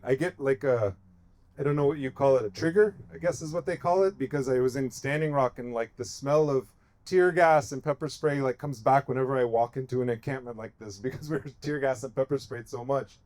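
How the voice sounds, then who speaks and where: A man's voice: medium pitch, a little fast, darkish tone. A man from the United States giving an impassioned speech at a protest encampment, building his points through emphatic, repeated phrases. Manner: emphatic, repetitive rhetorical cadence. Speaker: activist speaker at a protest encampment.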